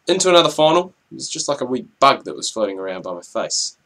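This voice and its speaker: A young man giving chatty, rambling commentary over his gameplay, with excitable outbursts at the action. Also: medium pitch, fast talker. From New Zealand. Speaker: gaming channel host.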